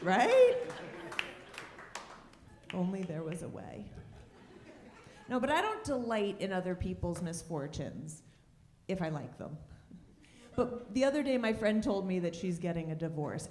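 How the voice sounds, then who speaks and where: A woman's voice: mid-range voice, darkish tone, slight background noise. A woman doing a stand-up comedy set on a comedy club stage, landing dry, sardonic punchlines. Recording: roomy club sound.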